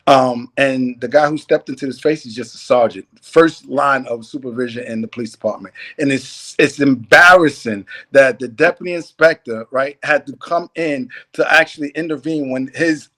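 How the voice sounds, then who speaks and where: Man, commentator, explanatory, critical, mid pitch. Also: normal speed, few pauses, a bit bright. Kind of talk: video commentary.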